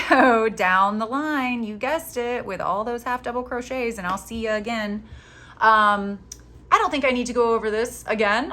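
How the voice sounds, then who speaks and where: A woman hosting a casual crochet tutorial, chatty and playful, teasing herself and cheering on her viewers as she works. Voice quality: chatty, playful, self-mocking. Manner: animated, jumps in pitch when excited.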